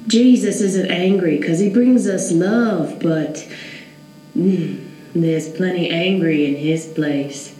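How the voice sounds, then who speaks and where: A woman performing a monologue as a fervent Southern churchgoing woman, in a sing-songy falsetto with a Southern accent. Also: slow, dark tone, roomy sound, rough recording. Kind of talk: acted competition monologue.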